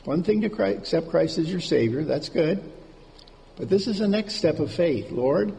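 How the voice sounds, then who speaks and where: Gravelly, mellow-voiced male preacher. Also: on the high side, lively intonation, normal speed. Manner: informal, repeats key words for emphasis. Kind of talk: conversational sermon. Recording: reverberant hall with faint background noise.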